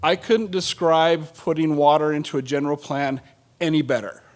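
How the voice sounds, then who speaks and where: Middle-aged man, conference presenter, casual and joking, filler-heavy, slightly higher voice. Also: normal speed. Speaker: state water agency planner presenting at a conference.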